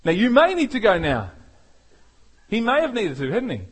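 A male preacher with a high voice delivers a sermon. He is animated and keeps slipping into the voices of the people he quotes. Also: normal speed, husky. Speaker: pastor.

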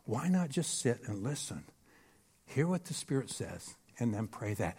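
A man preaching a sermon on a church stage, animated and emphatic, often checking in with the crowd. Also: medium pitch, measured pace, breathy edge. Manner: animated and emphatic, with frequent rhetorical "Hello?" checks. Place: church stage before a live audience.

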